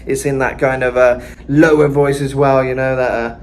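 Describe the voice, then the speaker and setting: A man's voice: medium pitch, level tone, moderate pace, slight background noise. A man giving a casual vocal lesson, talking loosely with lots of "kinda" and "you know.". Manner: breaks into screamed metal demos. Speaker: vocal coach.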